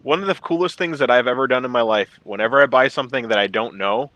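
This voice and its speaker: A man chatting casually on a stream, telling stories quickly and acting out quotes. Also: mid-range voice, low-quality recording. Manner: rapid, animated storytelling with acted-out quotes. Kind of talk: casual chat.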